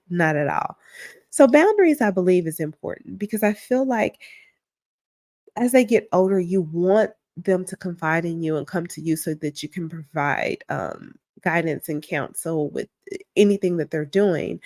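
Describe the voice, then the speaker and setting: A woman's voice: on the low side, darkish tone, dry recording. Candid woman podcast host, dry close sound. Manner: candid, reflective, conversational. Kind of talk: casual solo podcast talk.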